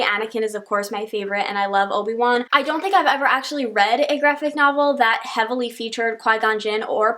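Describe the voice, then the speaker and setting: A woman's voice: a little high, a bit bright. A young woman chatting casually through a book wrap-up, rambling with lots of "like" fillers. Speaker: book reviewer. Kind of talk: casual monthly reading wrap-up.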